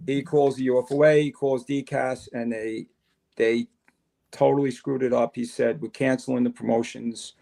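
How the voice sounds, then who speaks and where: Older New man, gravelly, mid-pitched, animated storyteller. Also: normal speed. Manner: animated storyteller, acts out dialogue. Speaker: podcast guest, retired fire chief. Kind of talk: casual storytelling interview.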